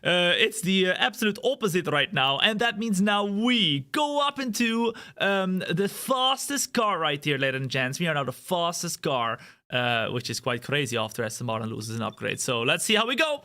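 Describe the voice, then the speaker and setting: A man with a bright, forceful, fairly high voice gives energetic gameplay commentary. He talks in an animated way and doubles up words for emphasis. He records in his home studio beside a racing simulator. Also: normal speed. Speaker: gaming channel host.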